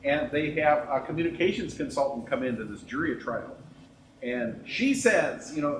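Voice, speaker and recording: A man's voice: fairly high pitch, animated, moderate pace, far from the mic. A man co-leading a workshop, jokey and demonstrative as he banters with his co-presenter. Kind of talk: lunchtime workshop talk. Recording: echoey room with faint noise.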